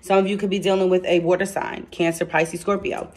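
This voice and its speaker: A woman giving a casual tarot reading to camera, excitable and chatty, blunt and slangy, speaking straight to her viewers. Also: lowish voice, fairly quick, background noise. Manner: excitable and chatty, laughs and exclaims. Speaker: tarot card reader.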